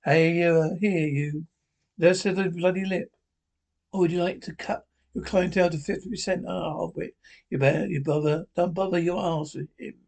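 A man's voice: a little high, steady tone, normal speed, vocal fry, a little mellow. An older man, playing a bickering pensioner in a broadcast sitcom. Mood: banter. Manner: bickering, crude banter.

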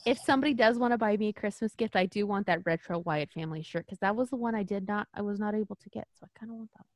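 A woman co-hosting a podcast in casual chat, animated and profane, with frequent laughing asides. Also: mid-range voice, racing, dry recording, clean studio sound. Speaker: podcast co-host.

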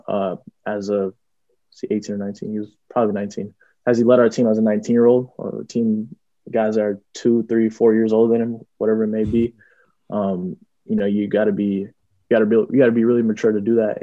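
A man's voice: on the low side, flat delivery, a little fast, mellow, dry recording. A young man, a college football player, answering interview questions casually, with lots of ums and restarts. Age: young adult. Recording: dull lo-fi audio.

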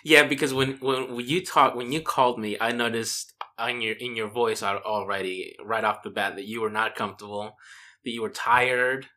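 A man's voice: medium pitch, fairly even intonation, normal speed, pushed and bright. A man in casual conversation who asks questions, laughs often and talks in a reflective, chatty way. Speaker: conversation partner asking questions. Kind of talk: casual chat.

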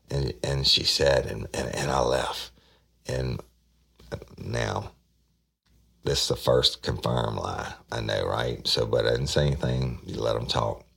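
Very deep gravelly man. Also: a bit bright. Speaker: podcast host telling a true story. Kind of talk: casual storytelling.

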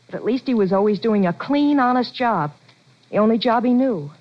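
A woman's voice: fairly high pitch, moderate pace, natural voice. A woman playing an earnest boxer's wife. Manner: earnest, pleading. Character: anxious devoted wife of a boxer, former chorus girl. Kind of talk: 1940s radio acting. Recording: dull lo-fi old radio recording.

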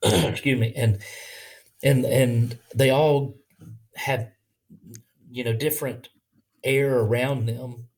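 A man with a Southern accent, a pastor talking in a casual podcast conversation, earnest and halting, with many restarts. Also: mid-range voice, steady tone, darkish tone. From Bible Belt, US.

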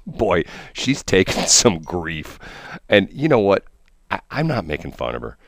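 A man hosting a morning radio show, joking and rambling in casual banter with halting repeats. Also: low-pitched, huge pitch swings, background noise. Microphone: studio mic.

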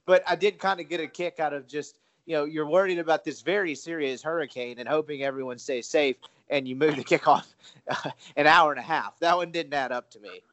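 Higher-pitched guy rambling about his picks on a betting podcast, laughing at himself. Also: brisk, fairly bright tone. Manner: chatty, self-deprecating, rambling. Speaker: podcast co-host. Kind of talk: casual sports betting chat.

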